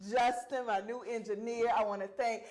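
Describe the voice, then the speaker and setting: A woman hosts a talk show with a slightly high voice. She is effusive and grateful, and she keeps calling her guests honey. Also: fairly even intonation, moderate pace, heavy background noise. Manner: effusive, calls people honey. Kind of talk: casual chat.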